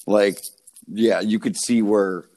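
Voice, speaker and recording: A man's voice: lowish voice, steady tone, takes it slowly, dark tone. A man in casual podcast chat who talks bluntly and swears often. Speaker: podcast co-host.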